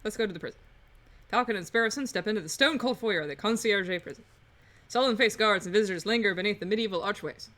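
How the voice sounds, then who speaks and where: Bright, giggly woman voicing a game. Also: medium pitch, fast talker. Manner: playful, giggly, reads lines in a put-on drawl. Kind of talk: let's-play game reading with Southern-accented voices.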